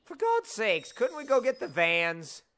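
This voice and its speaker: A man's voice: high voice, huge pitch swings, a little slow, a bit bright. A young man hosting a casual gaming video, teasing his friend and laughing while they play together. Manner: teasing, exasperated, laughs a lot. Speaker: gaming channel host. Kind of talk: casual gameplay chat.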